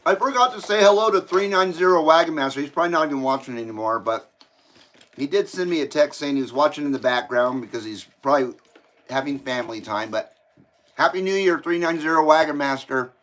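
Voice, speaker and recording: A man's voice: medium pitch, quick pace, fairly bright tone. A man hosting a casual live stream from home, reading out viewer comments and chatting while he eats. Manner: chatty, talks while eating. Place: home, indoors.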